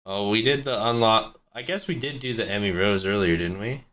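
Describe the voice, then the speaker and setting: A man with a low, bright, forceful voice talks casually while reacting to videos. He tosses out muttered asides between clips, relaxed and offhand. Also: brisk. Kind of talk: casual chat.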